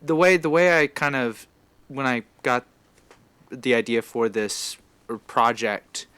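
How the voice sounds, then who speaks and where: A male podcast host explaining his project in an earnest, halting way during a casual interview. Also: medium pitch, a bit bright, clear, resonant tone, no room sound.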